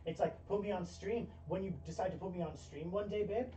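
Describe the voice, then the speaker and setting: A woman's voice: mid-range voice, fairly quick, dark tone, close to an everyday voice. A woman doing a dopey young himbo boyfriend. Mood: earnest. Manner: laid-back, dopey, affectionate. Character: dim, eager young male himbo boyfriend. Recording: roomy, distant, muffled mic with faint hiss.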